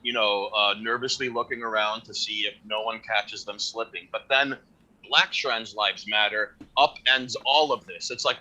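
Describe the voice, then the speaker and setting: A man's voice: medium pitch, normal speed, pushed and bright, rough recording. A man hosting a casual stream discussion, rambling and restarting his points. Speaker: stream host.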